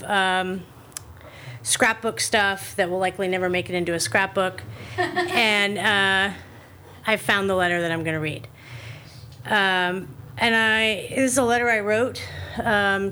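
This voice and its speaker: A woman reads her own old letter aloud on stage. Her delivery is steady and intense, her pitch in a mid range, with faint noise behind her. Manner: hesitant chat, then steady, intense reading. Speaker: live reading performer. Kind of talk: reading a personal letter aloud.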